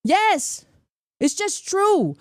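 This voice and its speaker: An American woman hosts a commentary show, arguing in a combative, scornful and emphatic way. Her voice sits high, and the recording is dry and close. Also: big pitch swings, extremely slow, no room sound. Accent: American English. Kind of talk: opinionated political commentary.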